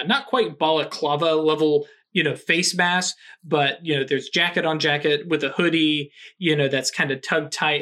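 A man running a tabletop game, talking in a slightly high, bright voice. He narrates scenes at length in a loose, rambling way, full of fillers. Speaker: game master.

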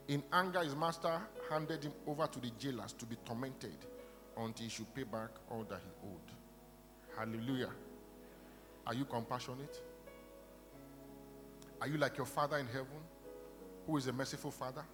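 A man preaching a sermon in a church, retelling a parable and praying aloud, swinging from quiet storytelling to loud bursts of prayer. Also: mid-range voice, moderate pace. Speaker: pastor. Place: church hall. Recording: reverberant hall with music behind. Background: instrumental music.

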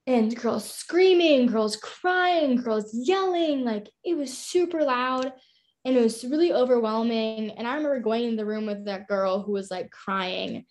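A woman's voice: a little high, a little mellow. A young woman in her twenties, a podcast guest, chatting through a story and using "like" a lot. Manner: chatty, lots of "like". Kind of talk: casual storytelling.

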